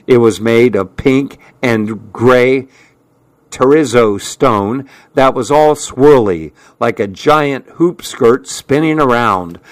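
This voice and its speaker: A man narrates a story in an unhurried, measured way. His voice sits at a middle pitch, and the recording is dry and close. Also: dry recording. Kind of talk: audiobook narration.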